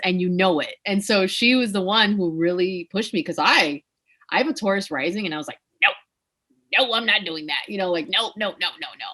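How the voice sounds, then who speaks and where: Podcast guest, woman, clear bright tone, expressive storyteller. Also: mid-range voice. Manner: animated, emotional storytelling with laughs. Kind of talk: casual storytelling chat.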